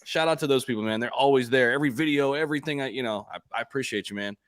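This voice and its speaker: A young man hosts a casual live stream in an easygoing, chatty way, filling gaps with ums and quick shout-outs. His voice sits at an ordinary middle pitch and sounds close and dry, with little room sound around it. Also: no room sound. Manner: laid-back, frequent fillers and shout-outs. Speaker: host of a live crypto stream.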